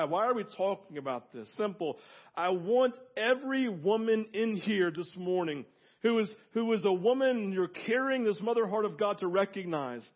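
High-voiced emphatic male pastor. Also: lo-fi sound. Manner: emphatic, swings between loud fervor and hushed asides. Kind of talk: sermon.

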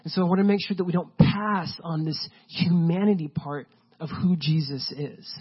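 A man delivers a sermon in a relaxed, chatty manner, peppering his points with fillers. His voice sits a little high and has a husky edge. The recording sounds dull and lo-fi. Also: moderate pace. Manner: casual, conversational preaching with many fillers. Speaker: pastor.

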